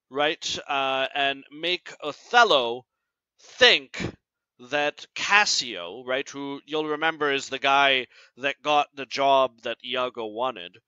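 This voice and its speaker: A male teacher giving a recorded class lecture, explaining slowly and ending nearly every point with "right?". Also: medium pitch, pushed and bright, smooth, no room sound. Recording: dull lo-fi sound.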